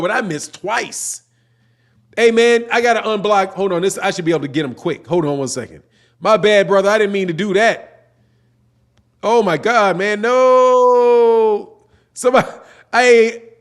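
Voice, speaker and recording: Middle-aged male stream host, high-pitched, loose and slangy, rambles through viewer comments. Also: a bit bright. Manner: reads chat comments aloud, slangy and rambling. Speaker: boxing channel host. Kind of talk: casual livestream chat.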